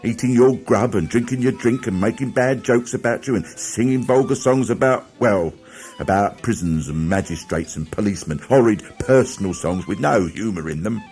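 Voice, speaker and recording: A man's voice: on the low side, moderate pace, darkish tone, faint music behind, lightly acted. A man voicing a fussy, anxious male water rat in an audiobook reading, scolding and exasperated. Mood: indignant gossip.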